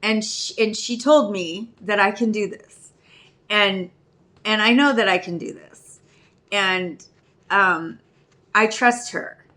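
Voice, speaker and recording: A woman's voice: mid-range voice, takes it slowly, long pauses, sharp tone. A woman in her fifties talking candidly in a personal vlog, rambling and questioning herself as she searches for words. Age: 50s. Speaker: video diarist in addiction recovery.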